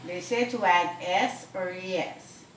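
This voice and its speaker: A woman teacher slowly and carefully explaining a spelling lesson to her students. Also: lowish voice, recorded from a distance, a little hiss or hum. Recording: echoey room, away from the mic.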